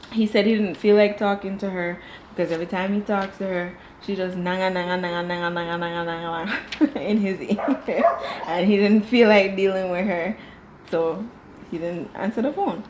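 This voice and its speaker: A woman's voice: medium pitch, normal speed, slight background noise. Chatty woman reviewing a reality show. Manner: animated, jumping into quoted voices. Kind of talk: casual reaction commentary.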